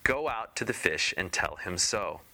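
A greedy, bossy wife from a storybook, played by a man reading aloud. She issues orders in a lifted, commanding voice, clipped and bright. Never content, always wanting more. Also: low-pitched, lively intonation, moderate pace, vocal fry, exaggerated voice. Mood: demanding. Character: greedy, demanding fisherman's wife, never satisfied.

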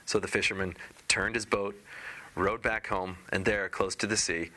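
A man's voice: fairly low pitch, steady tone, moderate pace, pushed and bright. A man casually reading a fairy tale aloud, with informal asides as he skips ahead. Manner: informal asides and skipping parts. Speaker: storyteller.

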